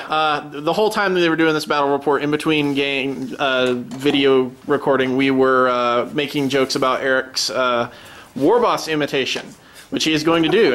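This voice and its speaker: A man's voice: a little high, a little hiss or hum. A man hosting, chatting casually with lots of fillers and an easy, laughing manner. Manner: relaxed, laughing, filler-heavy. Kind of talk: casual chat.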